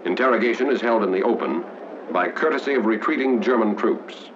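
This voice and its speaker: A man giving formal, measured wartime documentary narration in the 1940s style, with dramatic pauses. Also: lowish voice, noisy background. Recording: dull 1940s film soundtrack with music.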